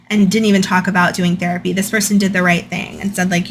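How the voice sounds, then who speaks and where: A woman's voice: on the low side, level tone, quick pace, few pauses, slight background noise. Chatty woman host reading and commenting. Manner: chatty, frequent "like" and "um". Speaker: channel host. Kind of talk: casual storytime commentary, reading from a book.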